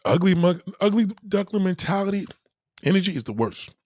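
A man talking casually as a host, his voice slightly husky and set in a dry, close recording. He rants in a loose, profane way, and his pitch leaps around as he acts out the people in his stories. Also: fairly quick, dry recording. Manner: animated, profane storytelling with mock-quoted voices. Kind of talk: casual chat.

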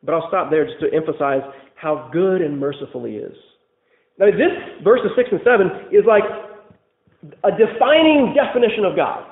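A high-pitched man preaches a sermon with passion. He swings from loud declarations to hushed lines. The sound is thin and phone-like, with room echo around it. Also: expressive, normal speed. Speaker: pastor. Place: church.

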